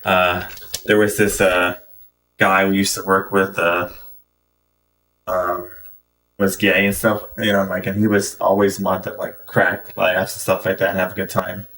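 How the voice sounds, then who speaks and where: A man's voice: sits low, monotone, unhurried, a bit bright, recorded from a distance, slight background noise. A man streaming a game and rambling through casual anecdotes full of fillers and restarts. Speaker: gaming streamer. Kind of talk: casual storytelling while playing.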